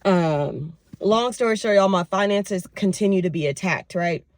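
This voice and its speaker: A young woman vlogging casually to camera, telling her week in an expressive, venting way. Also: medium pitch, moderate pace, no room sound. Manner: expressive, venting, lively storytelling. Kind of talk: casual vlog talk to camera.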